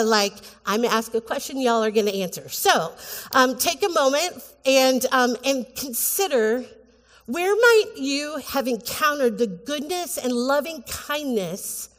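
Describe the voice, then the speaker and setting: Earnest woman preaching in a reverberant church. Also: a little high. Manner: earnest, halting, with many restarts and fillers. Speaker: pastor. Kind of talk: sermon. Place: church sanctuary. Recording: church hall with long reverb.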